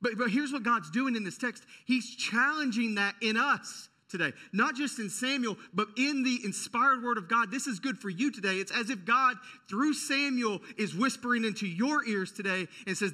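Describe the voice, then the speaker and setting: A man preaching with a high, piercing bright voice. He talks to the congregation in an energetic, conversational way, restarting phrases as he goes. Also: moderate pace. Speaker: pastor. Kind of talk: sermon.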